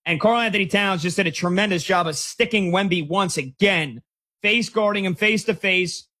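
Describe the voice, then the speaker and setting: Excitable high-voiced male sports host. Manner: excitable, rapid, breaks into shouts. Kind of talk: live game commentary and call-in talk.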